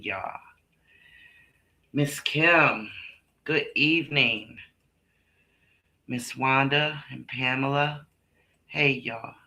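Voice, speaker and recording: Man, stream host, slow chatty delivery, very bright forceful tone. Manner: chatty, warm greetings to viewers, laughs often; slow, drawn-out delivery with big pitch swings. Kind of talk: casual live stream chat.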